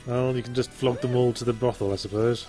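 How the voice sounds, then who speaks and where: A man's voice: medium pitch, steady tone, fast, mellow. Dry-witted man, faint music behind. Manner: dry, wry and opinionated. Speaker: co-host of a game stream. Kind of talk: casual chat.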